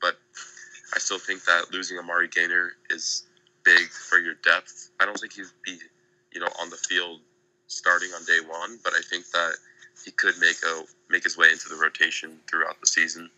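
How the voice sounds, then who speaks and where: Young guy talking ball on a podcast, low flat bright voice, lots of um and you know. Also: no room sound, poor audio. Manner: measured, filler-heavy analysis. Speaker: guest analyst. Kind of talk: casual podcast chat.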